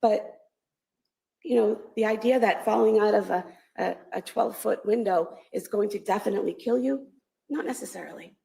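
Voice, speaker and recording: In an echoey courtroom, a woman prosecutor with a dark, gravelly, mid-range voice gives her closing argument. She is measured and emphatic, driving her points home with repeated phrases.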